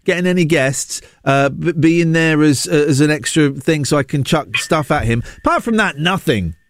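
Sarcastic English radio host, lively pitch. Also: male voice, normal speed, no room sound. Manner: sarcastic, jokey, self-mocking. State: getting a sore throat. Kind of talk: casual radio phone-in chat. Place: radio studio. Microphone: studio microphone.

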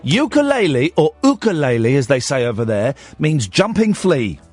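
A man hosts a late-night radio phone-in in a high, animated voice that swoops up and down. He jokes and rambles playfully with a caller. The studio sound is dry, with faint music underneath. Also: moderate pace, breathy edge, no echo. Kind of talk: late-night call-in chat. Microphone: studio microphone.

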